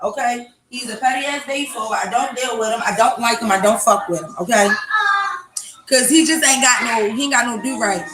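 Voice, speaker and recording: A young woman telling a loud, brash, profane story in a casual vlog at home. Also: a little high, fairly quick. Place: home with children nearby. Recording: echoey room, faint noise.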